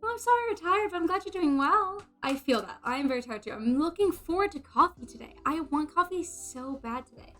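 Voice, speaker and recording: A woman's voice: high voice, lively intonation, fairly quick, hardly any pauses, fairly bright tone, voice pushed up. A woman doing a mock English accent. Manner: chatty, greets and thanks chat while doing her hair. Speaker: streamer. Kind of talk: casual live-stream chat.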